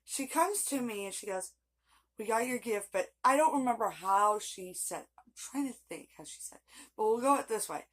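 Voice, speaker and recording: A woman's voice: fairly high pitch, animated, moderate pace. A woman telling a long personal story in a casual vlog, rambling and chatty with frequent laughs. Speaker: vlogger.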